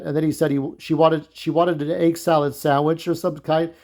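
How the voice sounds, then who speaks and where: A man with a voice a touch higher than usual talks through a loose, reminiscing monologue. He is blunt and candid, wanders off on tangents and swears freely. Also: fairly even intonation, brisk, hardly any pauses. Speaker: vlogger.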